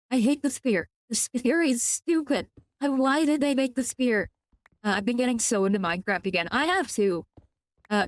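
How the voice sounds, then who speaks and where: A woman's voice: on the high side, no room sound. A young woman with a Californian accent, chatting casually on a gaming stream, rambling with many restarts and casual swearing. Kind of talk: casual live-stream chat while gaming.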